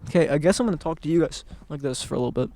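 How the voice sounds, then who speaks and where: A man's voice: fairly high pitch, racing, mellow, a little hiss or hum. Earnest rambling young-sounding man vlogging. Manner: earnest, rambling, repeats himself. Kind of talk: casual motivational vlog talk. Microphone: camera mic.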